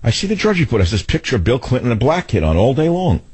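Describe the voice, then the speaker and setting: A man's voice: medium pitch, big pitch swings, fast talker, a little mellow, breathy edge. An older man hosting a political radio talk show, ranting sarcastically in a long monologue. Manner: ranting, sarcastic, mocking mimicry.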